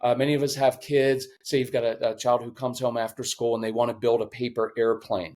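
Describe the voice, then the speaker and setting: A man's voice: mid-range voice, a little fast. A man in his fifties, a parenting coach giving advice in an interview, talking intensely and acting out what parents and children say. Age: 50s. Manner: intense, animated, acts out quoted voices.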